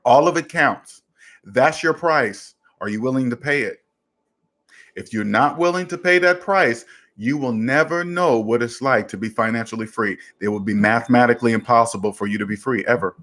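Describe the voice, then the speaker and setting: A man's voice: medium pitch, moderate pace, fairly bright tone. A man hosting a casual personal finance talk, giving advice to a listener in an emphatic, repetitive way, coming back to one simple formula again and again. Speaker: personal finance coach and show host.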